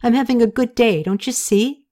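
An excitable young man from an audiobook who chatters happily and gets carried away, his voice lifting high as he gushes, as a woman narrator reads him. He tends to rush his words when he is worked up. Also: normal speed, lightly acted. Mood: eager. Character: young man, eager and smitten.

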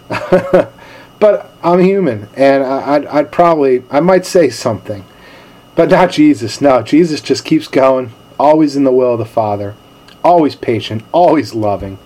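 A male pastor giving a sermon in a relaxed, storytelling manner with casual slang. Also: on the high side, measured pace.

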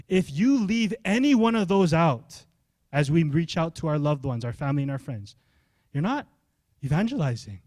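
A young adult male pastor, preaching a sermon in an animated, conversational way and asking the congregation questions. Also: fairly high pitch, no echo, clean studio sound.

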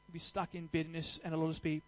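Earnest high-voiced male preacher. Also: monotone, fast talker, low-quality recording. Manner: earnest, conversational, with restarts and fillers; builds to louder emphatic passages. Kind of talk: sermon.

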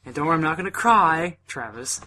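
Bright-voiced young man telling an emotional story. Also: fairly high pitch, expressive. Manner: earnest, halting, many fillers. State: emotional, holding back tears. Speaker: podcast host. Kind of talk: casual chat.

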